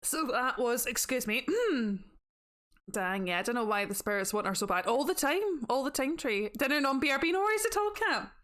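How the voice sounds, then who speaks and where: Lively chatty Scottish woman streamer. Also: sits high, moderate pace. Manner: chatty, playful, swears casually. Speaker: variety streamer. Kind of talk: casual live-stream chat.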